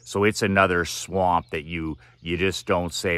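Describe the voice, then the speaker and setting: A man with a very low voice and a forceful, bright edge, talking in an emphatic, preachy way. The sound is close and dry, with no room echo. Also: steady tone, unhurried, few pauses, clear, resonant tone. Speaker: motivational speaker. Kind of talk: direct-to-camera monologue.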